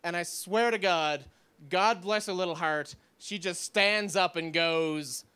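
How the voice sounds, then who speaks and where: A man's voice: high-pitched, unhurried, sharp tone, clean tone. A young man doing a self-deprecating stand-up routine on a comedy club stage, rambling with lots of "like" into a handheld mic.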